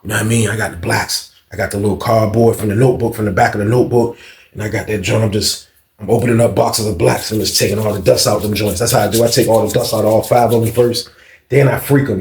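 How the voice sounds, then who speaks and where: A man with a lowish voice talks at a quick pace in an echoey room, giving his viewers a casual storytime monologue. He's animated and slangy, acting out what other people said in raised voices.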